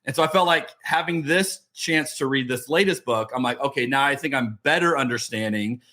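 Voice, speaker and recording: A middle-aged man hosts a podcast in a casual interview chat, talking a little fast in a medium-pitched, pushed and bright voice. He restarts often and uses lots of fillers.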